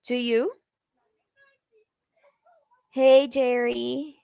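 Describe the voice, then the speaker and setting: Slow, chatty woman teaching English. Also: a little high, little pitch movement, vocal fry, mellow, clean tone, no room sound. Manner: chatty, addresses viewers in the comments. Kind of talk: live-streamed language lesson.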